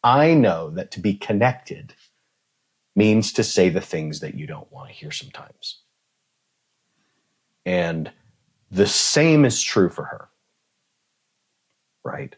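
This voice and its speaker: A podcast guest in his forties speaks in a low-pitched, husky voice, taking it slowly with long pauses. The casual conversation finds him blunt and swearing freely as he animatedly acts out dialogue in his stories.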